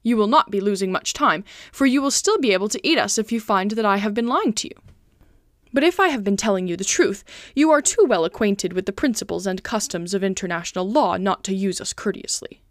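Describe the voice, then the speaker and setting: A woman reading the part of a loyal male servant who stays calm and talks his way out of trouble with wry reasoning. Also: mid-range voice, a little fast, no echo, clean studio sound, lightly acted. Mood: persuasive.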